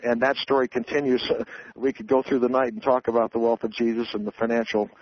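This author speaks flatly and a bit quickly in a mid-range voice, with no echo on the dull, dry radio recording. He explains his views earnestly, almost lecturing, and keeps restarting his sentences during the interview.

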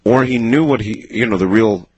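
A man hosting a late-night call-in radio show, talking in a dry, skeptical, measured way. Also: lowish voice, darkish tone, slightly rough, no room sound, highs cut off. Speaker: radio talk show host. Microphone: studio microphone.

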